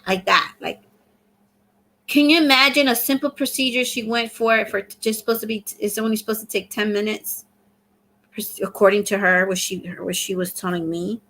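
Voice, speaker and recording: Middle-aged lady chatting on her livestream, bright clear voice, reads out comments n thanks ppl. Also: medium pitch, steady tone, brisk. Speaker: livestream host. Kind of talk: casual live chat.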